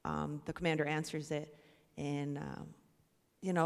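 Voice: medium pitch, normal speed. An airman sits on an award panel on stage and tells a funny personal story, slipping into the voices of others along the way. Each line rings out with the long reverb of a large hall. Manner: lively storytelling with acted-out quotes. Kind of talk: humorous personal anecdote. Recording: reverberant auditorium.

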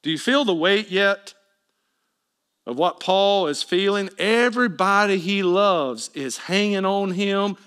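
A man preaching a sermon as pastor, swinging between loud emphatic appeals and hushed asides, often questioning his congregation directly. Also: high-pitched, slow, smooth.

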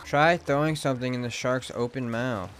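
A young man streaming a video game, reacting loudly with swearing and sudden shouts of surprise, sometimes reading game lines aloud flatly. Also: mid-range voice, moderate pace, noisy background. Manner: reads game dialogue aloud in a flat voice.

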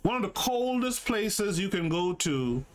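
A man's voice: high-pitched, sing-song, measured pace. A man hosting a livestream podcast, reading passages aloud and commenting on them in a conversational way, often checking in with "right?". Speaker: podcast host.

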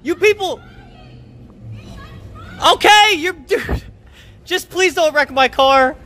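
A man streaming live, loud and excitable, cursing and joking with friends. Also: extremely high pitch, slow pace. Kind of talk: rowdy livestream chat.

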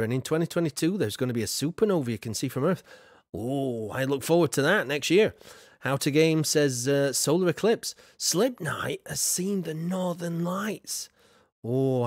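Chatty streamer, lively pitch. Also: male voice, no echo, studio quality. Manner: reads viewer comments aloud, chatty, frequent fillers. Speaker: game streamer. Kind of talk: casual live-stream chat.

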